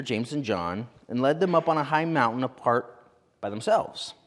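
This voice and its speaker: Male pastor, sermon, animated storyteller, quick asides, mid pitch, reverb of a church hall. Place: church sanctuary.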